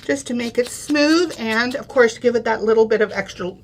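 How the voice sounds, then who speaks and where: A woman's voice: a little high, normal speed, a little hiss or hum. Chatty woman demonstrating a craft project. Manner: chatty, step-by-step instructions with frequent "okay?" and "right?". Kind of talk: live craft product demo.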